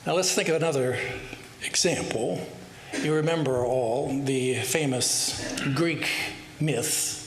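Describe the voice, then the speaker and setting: A man giving a spiritual talk, telling parables in an unhurried way and asking rhetorical questions. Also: mid-range voice. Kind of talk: sermon with storytelling. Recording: roomy hall with faint hiss.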